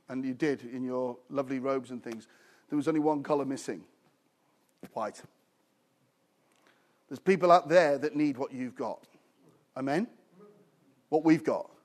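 A middle-aged British man preaching a sermon as a visiting preacher, with call-and-response and humorous asides. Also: on the high side. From United Kingdom.

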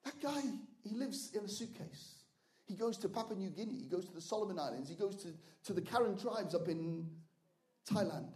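An older man, preaching and telling a personal testimony, his storytelling building to loud, fervent shouting. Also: sits high, expressive, a little fast. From England. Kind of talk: sermon testimony.

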